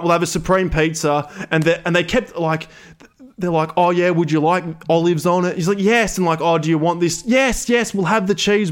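Rambling Australian man telling a yarn. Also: on the high side. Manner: rambling, lots of fillers and laughs. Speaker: podcast host. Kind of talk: casual storytelling.

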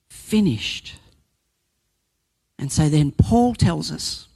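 Here a high-pitched male preacher delivers his sermon, recorded dry. Earnest and forceful, he builds each point by repeating himself, sometimes restarting a line midway.

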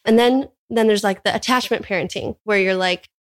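A young woman from California talks quickly and earnestly as a guest on a casual podcast. Her long, flowing sentences keep going, threaded with "like" as she explains her ideas. Her pitch sits in an ordinary middle range. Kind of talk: casual interview conversation.

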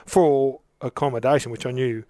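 At a moderate pace, a middle-aged Australian interview guest rambles through casual anecdotes, frequently starting over. His mid-range voice has a dark tone and fairly even intonation, with no room sound.

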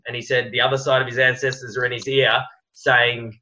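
Man, reflective, halting, bright voice, muffled lo-fi. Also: medium pitch, little pitch movement. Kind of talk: casual podcast chat. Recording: dull lo-fi recording.

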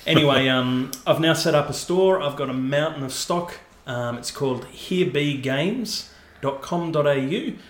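A man's voice: a little high, a little slow, few pauses, roomy sound. A man hosting a casual podcast, chatty and self-mocking, with a lot of fillers. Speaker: podcast host.

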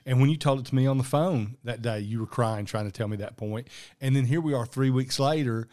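A man hosts a podcast in a mid-pitched voice. He speaks conversationally and attentively as he reflects on his guest's story. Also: brisk. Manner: attentive, frequent soft affirmations. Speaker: podcast host.

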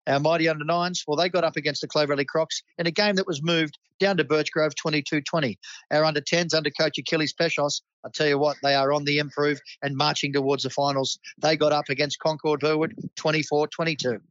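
A man's voice: fairly high pitch, level tone, quick pace, fairly bright tone, dry recording, muffled recording. An Australian man hosting a local sports club roundup, enthusiastic and matey. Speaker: club host.

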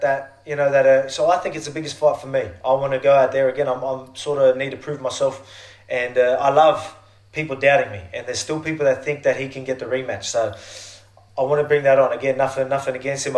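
An Australian man talking eagerly as an interview guest, often restarting his sentences. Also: mid-range voice. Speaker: fighter guest. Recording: echoey room.

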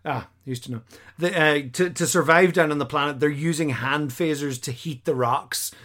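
A man hosting a casual podcast chat, animated and acting out quotes in silly voices. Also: on the high side, moderate pace. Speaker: podcast host.

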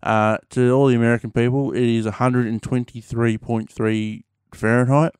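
A male vlogger with an Australian accent talks casually to camera in a mid-range, darkish, clean voice with flat delivery and a moderate pace. The recording is studio quality with no room sound, and his laid-back chat rambles, full of slang and plenty of fillers.

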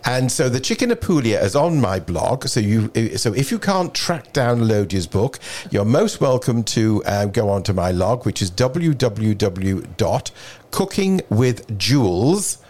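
Man, low-pitched, eager and rambling, casual cookbook chat guest. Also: very animated, unhurried, a little mellow. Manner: enthusiastic, rambling, with many ums and restarts. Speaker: radio guest reviewing cookbooks.

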